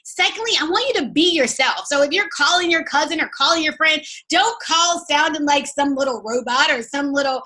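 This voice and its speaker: Peppy high-voiced woman coaching. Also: brisk, few pauses, pushed and bright, poor audio. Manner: peppy, cheerleader-like; enthusiastic, coaching. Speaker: network marketing trainer. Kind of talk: motivational training talk.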